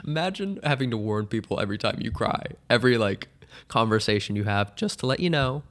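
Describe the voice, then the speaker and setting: A man's voice: mid-range voice, lively intonation, fairly quick, fairly bright tone. A man hosting a podcast, answering listener questions in a candid, rambling, self-mocking way. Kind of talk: casual advice chat.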